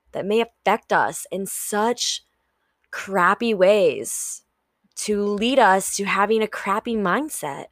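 A woman's voice: mid-range voice, fairly bright tone, dry recording, studio quality. A young woman hosting a solo podcast, talking frankly and casually, swearing freely and acting out her own inner voice. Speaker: podcast host.

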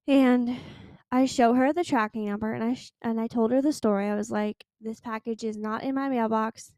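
A young woman telling a frustrated story in a casual podcast chat. Her voice is higher than most but mellow and dark, and it sits close and dry, with no room sound. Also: dry recording. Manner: exasperated, venting storyteller. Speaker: podcast host.

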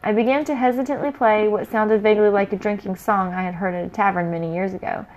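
Woman, storyteller, first-person fantasy narration, lively, medium pitch. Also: fast, dull audio.

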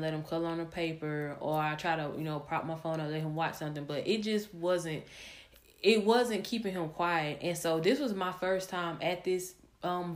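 Young female podcast host, low voice, candid rambling storyteller. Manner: candid, rambling, many fillers and restarts. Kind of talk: personal storytelling.

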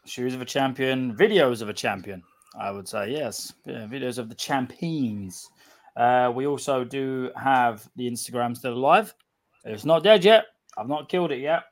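A man's voice: medium pitch, moderate pace. Blunt, sardonic English man. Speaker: podcast co-host. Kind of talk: casual podcast banter.

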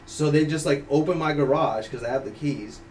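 A man from Ukraine, a native Ukrainian speaker, telling a story as a podcast guest in an animated, profane way, laughing often. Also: on the high side, brisk. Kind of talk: casual storytelling. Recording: distant mic, faint background noise.

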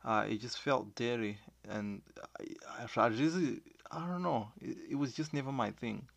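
A man with a Zimbabwean Shona accent talking earnestly in a casual monologue to viewers, switching between languages, with halting restarts. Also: medium pitch, vocal fry, no room sound.

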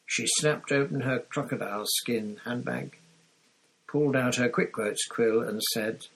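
A man reading a novel aloud in steady storytelling, with the odd slip. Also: medium pitch, measured pace, creaky, slightly rough, rough recording. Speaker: audiobook reader.

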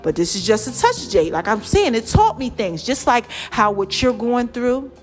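A woman vlogger giving lively, preachy motivational talk straight to her viewers. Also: a little high, normal speed, faint music behind. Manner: lively and preachy, calls viewers "child" and "y'all".

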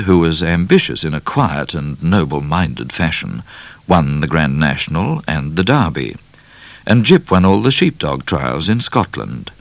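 Deep-voiced man reading a storybook. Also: no room sound. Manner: expressive, measured storytelling. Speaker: narrator.

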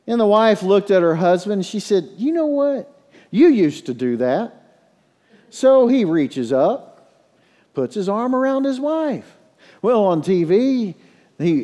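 A middle-aged man preaching a sermon as a pastor, telling stories and leading prayer in a hushed low voice. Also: big pitch swings, unhurried. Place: church sanctuary. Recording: long reverb in a large hall.

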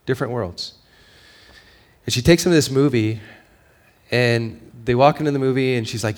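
A man preaching a sermon in a mid-range voice, talking to the congregation in a conversational way. He drops to a hushed tone for stories, then builds up to loud, emphatic points. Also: mid-range voice, moderate pace, long pauses. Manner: swings from quiet, intimate storytelling to raised, emphatic preaching; conversational, with fillers and frequent "right?". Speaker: pastor.

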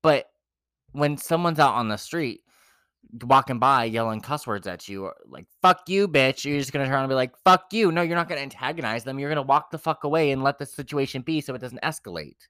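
A young man co-hosting a podcast, telling his dating stories in a blunt, profane, animated way. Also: mid-range voice, fairly quick, smooth, no echo, clean studio sound. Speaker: podcast co-host. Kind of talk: casual chat.

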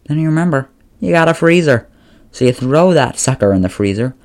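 A man's voice: mid-range voice, darkish tone. Rambling, self-correcting male podcast host. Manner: rambling, often correcting himself mid-sentence; playful, pleading directly with listeners. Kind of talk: casual solo podcast chat.

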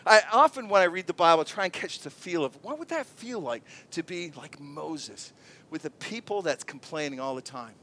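A male pastor preaching a sermon, telling stories with animated delivery and acting out voices. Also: fairly high pitch, normal speed. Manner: animated storytelling, acts out voices.

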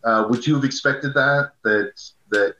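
Man with a bright, roomy lo-fi sound. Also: medium pitch, a little slow. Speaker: podcast co-host. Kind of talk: casual movie review chat.

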